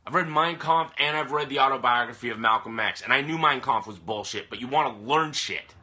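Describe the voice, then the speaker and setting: A man's voice: medium pitch, brisk, bright, forceful tone. A man ranting on a live stream, frustrated and swearing heavily as he talks to the camera. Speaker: vlogger. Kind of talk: angry live-stream rant. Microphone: camera mic. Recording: phone or webcam live stream.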